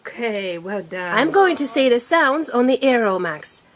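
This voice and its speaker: A woman's voice: a little high, big pitch swings, normal speed. A woman teaching a young child to read at home, patiently sounding out letters and praising each try. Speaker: reading teacher. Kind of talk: phonics lesson with a young child.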